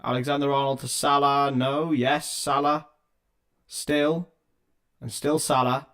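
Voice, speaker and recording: A young livestream host gives football play-by-play in a flat, medium-pitched, slightly bright voice, speaking a little slowly with long pauses. He chats with viewers between plays, using his laptop's built-in mic.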